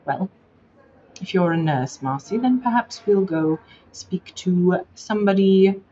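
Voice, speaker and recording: A woman's voice: lowish voice, animated, a little slow, warm tone, slight background noise. A woman voicing a pompous, genteel British lady who poses as a journalist and condescendingly calls people dear, on a dull lo-fi recording. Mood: insistent.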